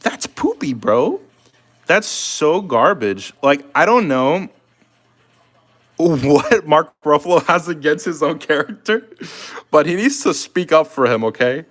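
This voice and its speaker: A man's voice: a little high, animated, slow pace, fairly bright tone. A man chatting casually on a live stream, loose and talkative, answering comments while he works. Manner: loose and chatty, talking to chat while drawing.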